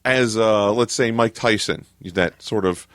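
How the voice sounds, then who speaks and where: A man's voice: on the low side, a little slow, fairly bright tone, no echo, studio quality. A man explaining game rules in a casual podcast chat, with lots of fillers. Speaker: podcast co-host.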